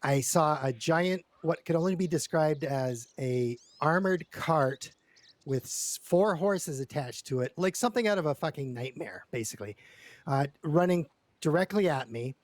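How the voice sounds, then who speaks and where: A man's voice: on the high side, lively intonation, normal speed, no room sound. A man telling a long story in character during a roleplay session, rambling and stammering with lots of repeated words and casual swearing.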